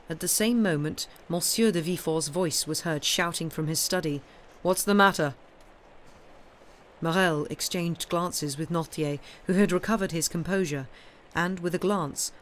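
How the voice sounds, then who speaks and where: A woman's voice: deep voice, slight background noise. Woman narrating a classic novel. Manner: expressive, steady narration. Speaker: audiobook reader. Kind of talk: live-streamed novel reading.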